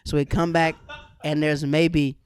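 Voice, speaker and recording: A man from Florida hosting a podcast, telling lively anecdotes in casual chat and acting out the people in them. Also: fairly high pitch, measured pace. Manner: animated anecdotes with lively voiced quotes. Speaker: podcast host.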